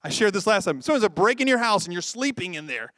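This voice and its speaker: A man preaching a sermon in a lively, joking way, often acting out quoted voices. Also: high-pitched, racing, no room sound, studio quality. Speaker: pastor.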